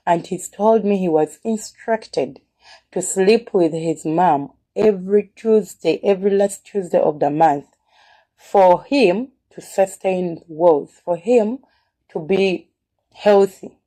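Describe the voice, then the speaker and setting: A woman's voice: fairly low pitch, takes it slowly, warm tone. A woman telling a personal story in an earnest way, often repeating words and restarting her phrases.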